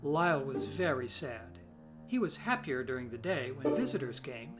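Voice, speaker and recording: A man narrating a children's storybook in a gentle, measured way. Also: mid-range voice, very animated. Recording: reading over loud background music.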